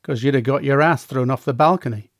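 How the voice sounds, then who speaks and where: Brief: a man playing a friendly New York Italian mob type, streetwise, mid-pitched voice. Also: a little fast, no room sound, studio quality, lightly acted. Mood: easygoing. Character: tough adult male mobster's son, friendly.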